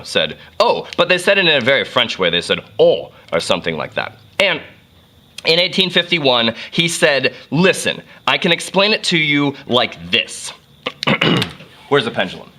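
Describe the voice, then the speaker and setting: A man's voice: medium pitch, bright, forceful tone. A man giving a casual, jokey physics lesson full of playful asides. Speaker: physics teacher.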